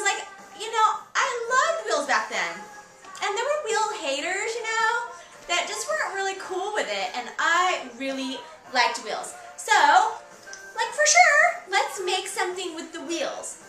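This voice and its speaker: A gushing 1980s valley girl, put on by a woman whose voice rides well above her own and rings bright. She gushes along, sprinkling "like" and "totally" everywhere. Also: extremely high pitch, reverberant, voice pushed up, exaggerated voice. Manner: peppered with "like" and "totally".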